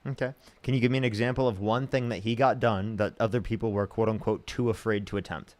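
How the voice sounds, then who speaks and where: A man's voice: on the low side, fairly even intonation, fast talker. A man hosting a live stream debate, blunt and impatient, swearing when he gets annoyed. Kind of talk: heated debate.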